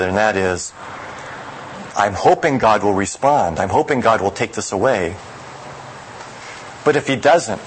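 A man preaching a sermon who reads scripture aloud and then explains it in a measured, reflective way. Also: on the low side, slight background noise, rough recording.

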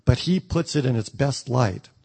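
A man teaching the Bible verse by verse, reading a passage aloud and then explaining it in plain words, with the odd pause and restart. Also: mid-range voice, animated, creaky, a little mellow, husky. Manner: thoughtful, with occasional ums and restarts.

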